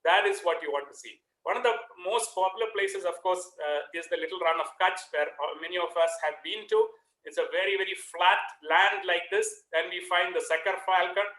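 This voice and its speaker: A man gives a photography talk over a video call. His voice sits high and bright, and he speaks at an easy pace with frequent "uh" pauses. The sound is roomy and echoey. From India. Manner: relaxed, with frequent "uh" fillers. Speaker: guest speaker. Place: home room on a video call. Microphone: computer mic on a video call.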